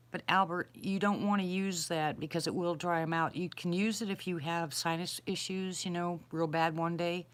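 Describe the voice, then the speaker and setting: A middle-aged woman with a slightly low voice chats loosely on a live stream, outdoors at night. She rambles and restarts as she answers her viewers one by one, in a plain, homey way. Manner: rambling, chatty, answers chat questions aloud. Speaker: livestream host answering viewers. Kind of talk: casual live-stream chat.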